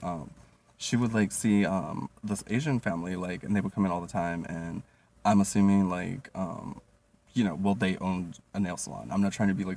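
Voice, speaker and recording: Gravelly low-voiced man telling stories. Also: far from the mic. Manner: profane, animated, laughs often, many fillers. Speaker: vlogger. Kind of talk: storytime monologue.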